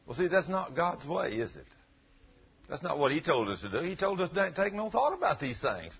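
A man's voice: on the high side, big pitch swings, normal speed, creaky, slightly rough. A middle-aged male pastor preaching in a folksy, earnest, conversational way and quoting scripture, in a dull lo-fi recording. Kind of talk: conversational sermon.

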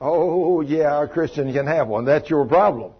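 A man's voice: on the high side, normal speed, slightly rough, highs cut off. A male preacher giving a fervent, emphatic sermon. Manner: fervent, emphatic, tells stories with acted quotes.

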